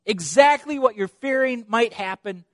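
A gentle, loving God reassures a frightened child, as a male preacher puts him on. The voice is lifted well above the speaker's usual pitch and stays soft and warm in manner. The recording is dry and close. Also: expressive, normal speed, dry recording. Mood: tender.

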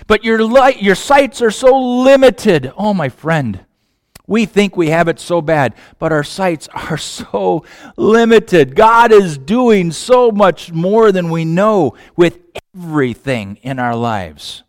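A man preaching a sermon, asking rhetorical questions and swinging from hushed lines to loud, impassioned ones. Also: high-pitched, lively intonation, slow, no room sound, studio quality. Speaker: pastor.

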